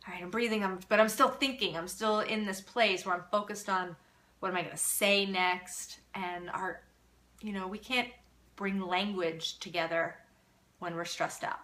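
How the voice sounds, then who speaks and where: Woman, bright voice, parenting educator, earnest, quotes parents and kids, live Q&A teaching. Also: medium pitch, fairly even intonation, normal speed.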